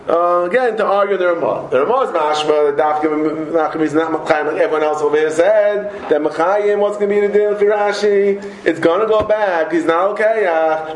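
A man giving a Talmud class lecture, animated, repeating words and joking with his students. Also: sits high, a little hiss or hum. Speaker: Talmud teacher. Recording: roomy echoey room.

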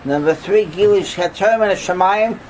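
An older man teaching a Torah class as a rabbi, animated, firing off rhetorical questions and breaking into sudden loud outbursts. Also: sits high, normal speed, slight background noise, rough recording.

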